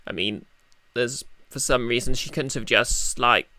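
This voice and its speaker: A man's voice: mid-range voice, unhurried, pushed and bright, a little hiss or hum. A man streaming a video game, making joking, wry asides in casual commentary. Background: game music.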